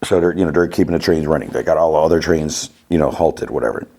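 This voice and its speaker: A podcast host with a very deep, low voice rambles through a TV episode recap, retelling scenes haltingly. His delivery is casual and loose. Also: mellow.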